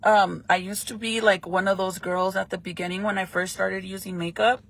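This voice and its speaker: Young woman, casual vlogger, chatty and profane, gravelly tone. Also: medium pitch, fairly even intonation, moderate pace. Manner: chatty, swears freely, laughs often. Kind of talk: casual chat while doing makeup.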